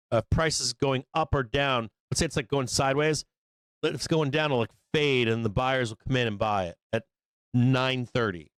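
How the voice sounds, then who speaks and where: A man hosting a live stock market show, explaining market moves in a casual, profane way and acting out traders in quick asides. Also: medium pitch, smooth, no room sound.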